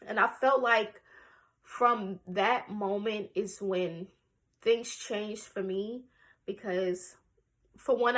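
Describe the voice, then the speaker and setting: A woman's voice: medium pitch, sharp tone. A woman in her twenties, a vlogger, candidly telling a personal story to camera in a raw, emotional and blunt way, swearing casually.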